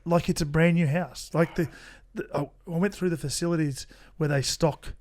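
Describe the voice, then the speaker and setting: A man's voice: fairly high pitch, steady tone, moderate pace, darkish tone. An Australian man telling stories in casual chat, rambling with restarts and swearing. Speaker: podcast guest.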